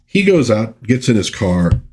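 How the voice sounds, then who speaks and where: Low-voiced man reviewing old comics. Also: big pitch swings, a little slow, a little mellow. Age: middle-aged. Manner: reads comic dialogue in playful voices. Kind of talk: casual comic review, reading panels aloud.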